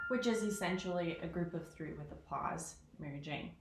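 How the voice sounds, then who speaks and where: A woman talking casually through how she practices a piano piece, chatty and self-deprecating, counting rhythms out loud. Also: lowish voice, fairly even intonation, measured pace. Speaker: piano teacher. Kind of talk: casual piano lesson vlog. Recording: echoey room with piano. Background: piano playing.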